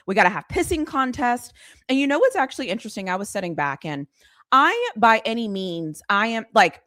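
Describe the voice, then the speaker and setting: A woman with a mid-range voice hosts sports commentary in a casual live-stream chat, ranting bluntly and sarcastically. She sounds animated and exasperated. The audio is clean studio sound with no room echo.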